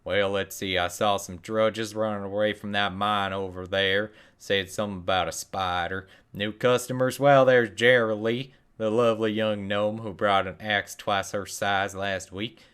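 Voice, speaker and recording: A man's voice: on the low side, little pitch movement, a little slow, hardly any pauses, a bit bright, clear, resonant tone, pitched below the performer's own voice. A man voicing a helpful male blacksmith in a game, easygoing and chatty.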